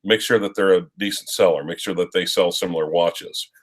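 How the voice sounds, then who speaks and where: A man's voice: sits low, steady tone, a little fast. A man co-hosting a live stream, chatting casually and giving rambling advice with fillers. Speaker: co-host of a watch live stream.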